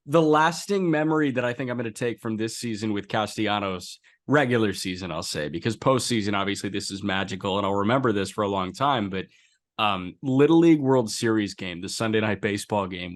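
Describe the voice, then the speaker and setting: A man co-hosting a baseball podcast, recapping games with enthusiasm and quick stat-heavy talk. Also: lowish voice. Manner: enthusiastic, recaps game stats in a brisk flow. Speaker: podcast co-host. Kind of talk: casual sports podcast chat.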